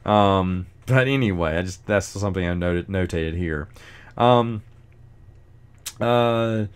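A man's voice: deep voice, slow pace, clear, resonant tone. A man hosting a solo podcast, chatting casually about a book, rambling with lots of fillers and chuckling often. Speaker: podcast host reviewing a book.

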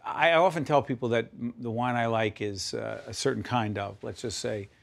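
A man's voice: medium pitch, steady tone, fairly quick, vocal fry. A middle-aged man hosting a TV interview, enthusiastic and playful, often jumping in. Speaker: TV interview host.

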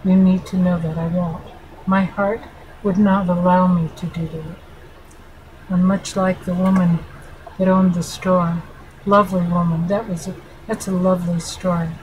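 A woman's voice: fairly low pitch, level tone, a little slow, darkish tone, a little hiss or hum, rough recording. A middle-aged woman, a family therapist, speaking earnestly and affectionately straight to her viewers in a heartfelt vlog. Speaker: family therapist and channel host. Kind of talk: heartfelt direct-to-camera vlog.

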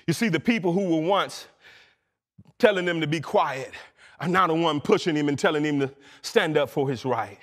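A man delivering a fervent sermon in a high, ringing voice that climbs into shouts and stretches out key phrases. His words carry a long reverb, as if filling a large church hall. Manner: fervent preaching, rising to shouts with drawn-out phrases. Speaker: minister.

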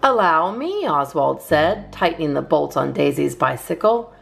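A woman reading a children's picture book aloud in a lively, sing-song way. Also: deep voice, normal speed, creaky, faint music behind. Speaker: children's story reader. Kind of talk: read-aloud storytime.

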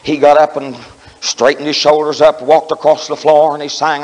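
Man, preacher, fairly high voice, fervent storytelling, long echo of a 1978 tabernacle recording. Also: level tone, moderate pace. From Ohio. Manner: storytelling, rising to fervent shouting. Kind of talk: camp meeting sermon. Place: camp meeting tabernacle.

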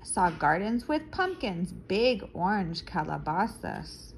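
A woman reading a children's picture book aloud, expressive and stopping to explain words to young listeners. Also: on the low side, slow pace, creaky, slight background noise, low-quality recording. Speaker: storyteller for children.

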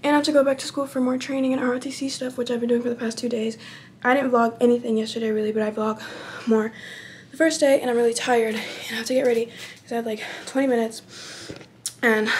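Teen girl vlogging, rambly casual chat, kinda high voice, noisy background. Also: fairly even intonation, a little fast, a little mellow. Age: late teens. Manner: chatty, rambling. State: out of breath.

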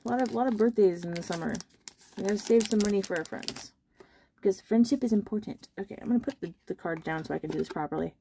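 A woman's voice: medium pitch, gravelly, dark tone, slight background noise. A young woman chatting casually and self-deprecatingly while she opens trading card packs on her channel. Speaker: card-opening vlogger.

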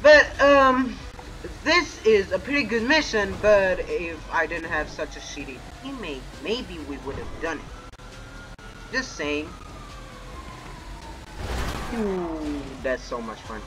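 A young man giving live commentary on a co-op game, excitable and foul-mouthed, yelling at his teammate. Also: high-pitched, slow pace, pauses often, over music, poor audio. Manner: excitable, swears a lot, shouts at his teammate. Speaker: gamer playing co-op missions.

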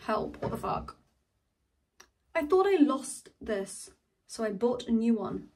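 A woman's voice: a little high, very animated, slow pace, a little mellow, far from the mic. A young woman in her twenties chatting casually in a home vlog, rambling, trailing off and swearing freely. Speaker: vlogger. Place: home, indoors.

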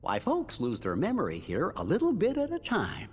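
A kindly little cricket with a folksy, old-fashioned way of talking. His voice is breathy and swoops widely in pitch, and it rings with a long reverb. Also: huge pitch swings, moderate pace, heavily acted. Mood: concerned. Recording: game audio with long reverb.

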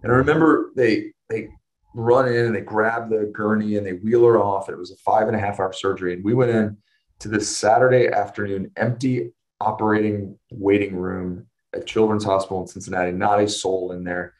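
A middle-aged man, an interview guest, giving a personal testimony in earnest storytelling with restarts and emotional pauses. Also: on the low side, fairly even intonation, poor audio.

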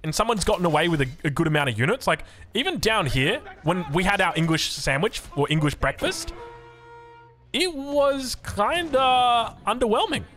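Animated and fast, a young Australian game caster delivers live commentary on a strategy match in a slightly high, sharp voice. His style is jokey, pun-heavy, and self-deprecating, with faint music in the background.

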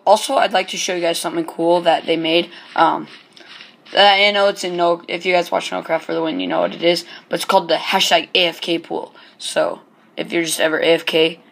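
A man hosts his own channel, giving casual gameplay commentary in a high, creaky voice with a fairly bright tone. He's hesitant, with many ums and restarts, yet chatty and joking as he goes.

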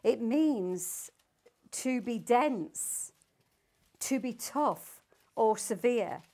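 A woman's voice: on the high side, lively intonation, drawn-out words, dark tone. An older woman teaching the Bible to a small group, reading scripture aloud and asking her listeners emphatic questions.

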